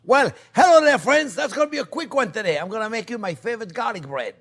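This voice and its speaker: A man's voice: very high-pitched, animated, quick pace, vocal fry, a bit bright. A French-accented man hosting a casual cooking demonstration, chatty and enthusiastic, with many fillers and restarts. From France. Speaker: cooking show host. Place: home kitchen.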